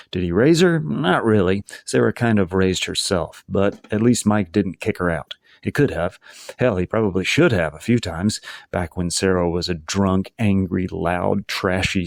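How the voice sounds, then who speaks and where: A man, the author, reading his own novel aloud in a casual, relaxed storytelling manner. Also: low voice, vocal fry, no room sound, clean studio sound.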